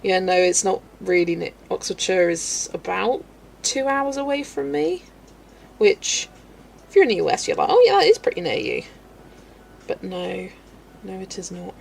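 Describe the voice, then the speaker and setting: A woman with a Southwest English Wiltshire accent talks casually to her live-stream viewers. Her voice sits at a middle pitch with a gravelly, creaky edge. She laughs often and pokes fun at herself, and faint pencil scratching and room hiss run underneath. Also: expressive, normal speed. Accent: Wiltshire, Southwest England. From Southwest England. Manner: chatty and self-deprecating, laughs often. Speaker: colouring live streamer answering chat.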